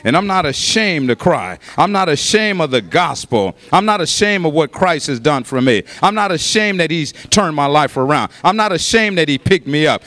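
A man in his late fifties, a pastor preaching a sermon in church, with rhythmic repeated lines that build to shouts. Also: a little high. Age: 50s. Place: church sanctuary.

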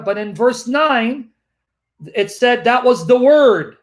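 A man's voice: very high voice, moderate pace. A man hosting a livestream, teaching from scripture and hammering his points home with repetition. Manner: emphatic, repeats points for the audience. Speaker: livestream host. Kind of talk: teaching Bible study talk.

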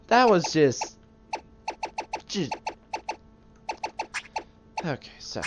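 A man commenting on a video game he is playing, joking, muttering quietly to himself, then bursting out loud. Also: high-pitched, sing-song, drawn-out words, pauses often, lo-fi sound. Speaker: let's play commentator. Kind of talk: gameplay commentary. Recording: loud game music behind.

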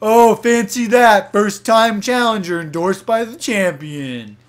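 A man voicing a prim, fussy desk clerk in a video game, speaking slowly and stuffily. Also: high-pitched, voice pushed up. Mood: prissy.

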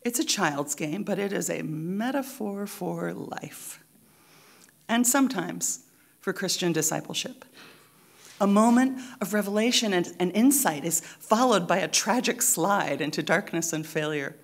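A woman pastor preaching a sermon in a church, deliberate and emphatic, with rhythmic repetition. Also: lowish voice, expressive, creaky.

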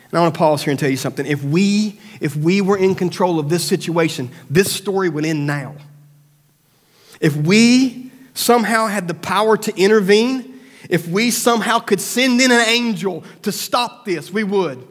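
Male pastor, high voice, animated sermon delivery, reverberant church hall. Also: normal speed. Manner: animated preaching, acts out voices of doubt and prayer; drops to a soft, low voice for serious points. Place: church sanctuary.

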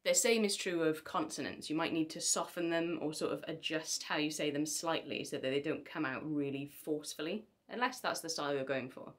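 A woman's voice: low voice, brisk, hardly any pauses. A young woman, a singer, giving casual vocal tips to camera with chatty, self-deprecating asides.

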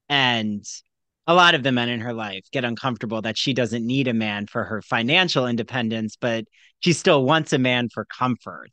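Animated, bright-voiced man chatting. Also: medium pitch, no room sound. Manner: animated, gushing, acts out quotes. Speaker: podcast co-host. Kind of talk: casual chat about a TV show.

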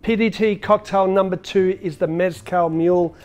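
A man's voice: high-pitched, fairly even intonation, moderate pace, darkish tone. A man hosting a cocktail demonstration as a bartender, talking in a chatty, upbeat way with frequent filler words. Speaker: bartender and show host.

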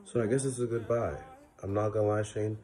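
A man's voice: lowish voice, fairly even intonation, a little fast, dark tone. A young man giving a sincere farewell to a friend, recalling shared times. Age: young adult. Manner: sincere, listing memories. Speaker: college friend. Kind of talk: farewell message.

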